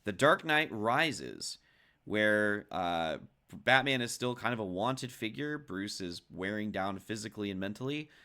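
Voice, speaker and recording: A man with a lowish, bright, forceful voice talks films on a podcast. He rambles, restarts phrases and teases his co-hosts in easy, casual chat. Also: animated, a little slow. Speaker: podcast co-host. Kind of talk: casual film discussion.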